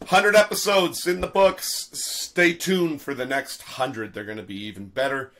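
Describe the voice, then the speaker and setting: Man, podcast host, bright sharp tone, upbeat, talks to the audience. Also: medium pitch, steady tone, measured pace. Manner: upbeat, addresses viewers directly. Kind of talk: casual chat and show sign-off.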